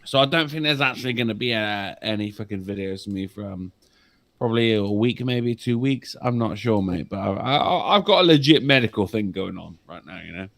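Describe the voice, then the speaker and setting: A man with an English accent chatting and joking on a podcast, swearing freely, calling people mate and laughing often, with a rough throat. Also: on the low side, animated, brisk, fairly bright tone. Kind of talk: casual podcast banter.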